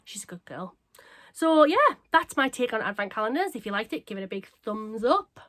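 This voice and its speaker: A woman chatting casually to camera as a craft vlogger, bubbly and self-mocking, her voice a little croaky. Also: on the high side, brisk. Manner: bubbly, excitable and self-deprecating. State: slightly croaky.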